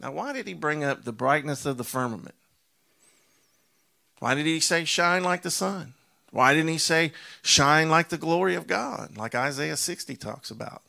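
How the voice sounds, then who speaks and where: A man preaching a sermon, drawing out key words slowly for emphasis and asking rhetorical questions, telling stories with animation. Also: on the high side, vocal fry, sharp tone.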